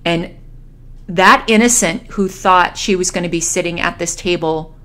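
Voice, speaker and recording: A woman tarot reader telling a vision as a story, slowly and hesitantly, with many fillers and restarts. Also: lowish voice, sharp tone.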